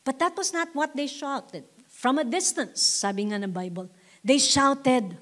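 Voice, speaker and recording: A woman with a Filipino accent preaching a sermon in an animated, emphatic way, mixing English with Tagalog and repeating her points. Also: a little high, normal speed. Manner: switches between English and Tagalog.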